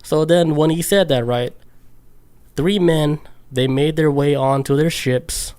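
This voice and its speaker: A man's voice: on the high side, unhurried, darkish tone, smooth. Laid-back man retelling a story. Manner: loose and profane, many fillers like "like". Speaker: podcast co-host. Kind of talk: casual chat, retelling a story.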